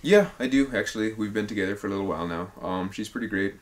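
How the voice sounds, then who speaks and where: A man's voice: on the low side, fast talker, natural voice. A young man playing an earnest straight-man host. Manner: earnest, plainly sincere. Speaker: host of a mock review show. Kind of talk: comedy sketch acting.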